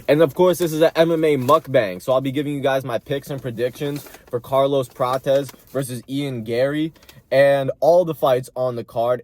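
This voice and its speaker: A man's voice: medium pitch, a little mellow, dry recording. Male vlog host, mid-range voice, loose and jokey, eats while he talks. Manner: joking, rambling, talks while eating. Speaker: mukbang host giving fight picks. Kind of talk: casual vlog chat.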